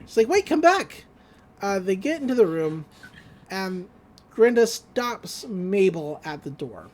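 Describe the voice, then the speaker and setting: A woman's voice: medium pitch, animated, a little slow, mellow. A woman co-hosting a podcast, casually recapping a cartoon episode with wry asides and frequent laughter. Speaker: podcast co-host.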